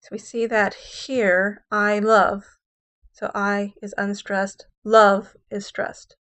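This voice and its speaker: A woman English professor giving a classroom lecture on a sonnet, reading lines of verse slowly with heavy stress and then explaining them in plain words with the odd "um" and "okay". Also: mid-range voice, little pitch movement.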